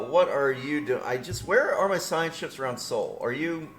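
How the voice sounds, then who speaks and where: A man's voice: mid-range voice, fairly bright tone. A man casually commentating his strategy game with his headset on, rambling and correcting himself, laughing often. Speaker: gameplay commentator. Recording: roomy echo.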